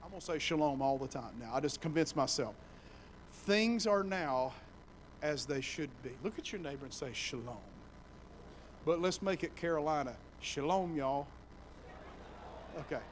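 A man preaching a sermon to his church, telling the story with animated voices and building to loud, shouting passages. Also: on the high side, normal speed, a little hiss or hum, rough recording. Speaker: pastor. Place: church sanctuary.

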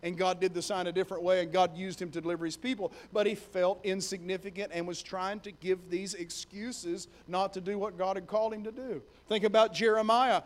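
A young adult man preaching a sermon in a conversational, storytelling way, animated as he retells scenes. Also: high-pitched, brisk, few pauses.

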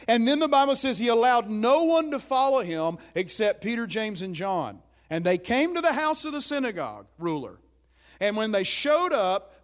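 A man's voice: sits high, sing-song, normal speed. A pastor preaching a sermon in an emphatic, conversational way, often checking in with his listeners.

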